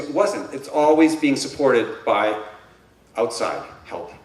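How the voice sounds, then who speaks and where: A man's voice: a little high, normal speed. A man giving a conference presentation, speaking emphatically and with passion, rambling at times. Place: conference room. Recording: roomy echo, distant mic.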